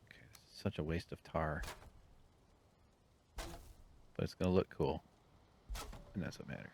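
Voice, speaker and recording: A man's voice: very deep voice, unhurried, darkish tone, a little hiss or hum. A middle-aged man rambling relaxedly while playing a game, muttering to himself, humming and dropping jokey asides, sometimes into a whisper. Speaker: gaming channel host. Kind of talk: relaxed rambling gameplay commentary.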